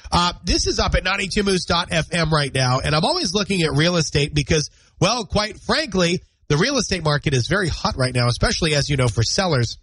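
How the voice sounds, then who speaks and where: Alone on the morning radio, a man in his thirties chats in a self-deprecating way, nasal and congested from a cold with a stuffy nose and scratchy throat. He speaks a little fast and animated, his voice on the high side, fairly bright, and husky. Recorded on a studio mic in a radio studio, the sound is rough, though there's no echo.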